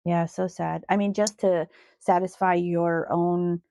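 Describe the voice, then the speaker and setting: A woman's voice: lowish voice, flat delivery, measured pace, warm tone, no room sound, clean studio sound. A woman co-hosting a casual podcast, chatty and storytelling, laughing easily and swearing now and then. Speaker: podcast co-host. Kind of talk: casual chat.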